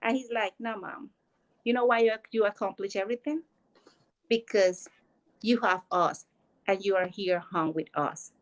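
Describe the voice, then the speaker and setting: A woman's voice: medium pitch, normal speed, long pauses, poor audio. A woman, telling a heartfelt personal story about work and family. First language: Spanish. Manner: earnest, emotional storytelling. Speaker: guest. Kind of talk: personal testimony.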